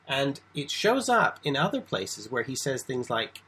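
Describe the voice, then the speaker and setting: A man's voice: mid-range voice, wildly swooping pitch, measured pace, pushed and bright, breathy edge, rough recording. A man giving an informal Bible lecture, talking conversationally with restarts and asides. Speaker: Bible teacher.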